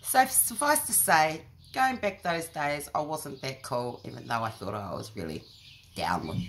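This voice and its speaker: A woman's voice: low voice, expressive, measured pace, a bit bright, a little hiss or hum. A middle-aged woman with a New Zealand accent, telling self-mocking stories in a chatty vlog. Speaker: vlogger. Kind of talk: casual storytelling to camera.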